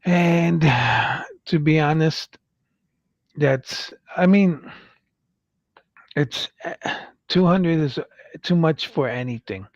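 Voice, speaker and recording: A man's voice: a little high, very slow, long pauses, no echo, highs cut off. A man hosting a casual toy-review livestream, rambling with fillers and restarts as he reads product copy aloud. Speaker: livestream host.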